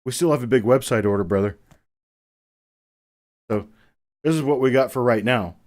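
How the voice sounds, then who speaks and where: A man with a mid-range, slightly mellow voice talks at normal speed while hosting a live coin auction. He's chatty and a bit winded, answering chat comments by name and calling viewers "brother" in a casual live-stream conversation.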